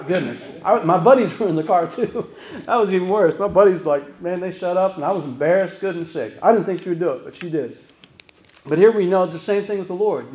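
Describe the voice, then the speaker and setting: A male pastor preaches in a loose, storytelling way, often checking in with his listeners. His voice sits a little high for a man. The room rings around him like a church sanctuary. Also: darkish tone, roomy sound, rough recording. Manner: folksy storytelling, frequent "right?" asides. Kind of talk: conversational sermon.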